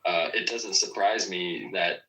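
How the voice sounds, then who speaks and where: A man's voice: low voice, steady tone, measured pace, pushed and bright, poor audio. A man talking in a casual podcast chat, rambling with many fillers and restarts.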